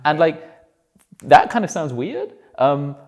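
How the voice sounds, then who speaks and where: A man's voice: fairly high pitch, slow pace. A man with an English accent, a guest on a podcast, talking casually and easily. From England. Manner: relaxed, chatty, laughs easily. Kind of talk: casual chat.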